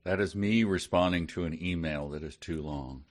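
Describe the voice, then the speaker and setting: A man's voice: low-pitched, normal speed. A man co-hosting a book podcast, joking wryly and sarcastically about what puzzles him. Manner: wry, sarcastic, puzzled asides. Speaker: podcast co-host. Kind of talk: casual book discussion.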